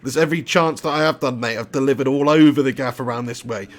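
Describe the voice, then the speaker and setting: A fast-talking man with a mid-range voice, from southern England, streams games live. His commentary is casual and chatty, punctuated by frequent laughter.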